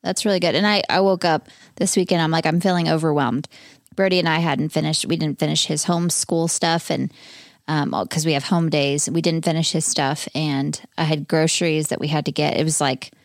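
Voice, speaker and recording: A woman in her thirties co-hosting a candid chat podcast, talking in an earnest, rambling way with halting restarts. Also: sits low, fairly even intonation, dry recording, studio quality. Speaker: podcast co-host.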